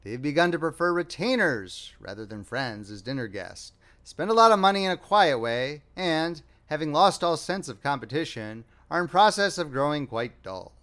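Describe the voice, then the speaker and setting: A man narrating a classic short story as an audiobook reader, with a wry, expressive delivery. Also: fairly high pitch, normal speed, hardly any pauses. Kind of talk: scripted narration.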